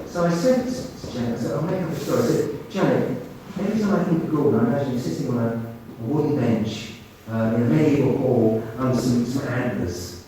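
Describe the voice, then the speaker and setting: Animated storytelling man in an echoey room. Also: mid-range voice, a little fast, hardly any pauses. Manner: animated anecdotal storytelling, acting out quoted voices. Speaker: doctor and medium. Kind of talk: storytelling in an interview. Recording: echoey room, speaker far from mic, faint noise.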